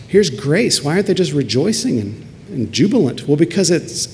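A man's voice: a little high, sing-song, moderate pace, few pauses, darkish tone, slight background noise. A man preaching a sermon earnestly, building to emphatic peaks. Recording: long hall reverb, faint ambience.

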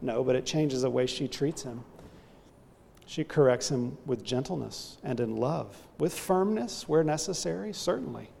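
A man's voice: medium pitch, expressive, measured pace, creaky, mellow, long reverb tail, slight background noise. A man preaching a sermon, earnestly illustrating his point with a story.

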